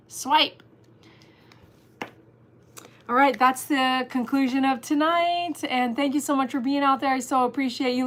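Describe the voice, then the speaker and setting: A woman hosting a casual livestream, chatting and reading viewers' comments aloud, animated and laughing often. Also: a little high, a little hiss or hum. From Texas. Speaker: livestream host.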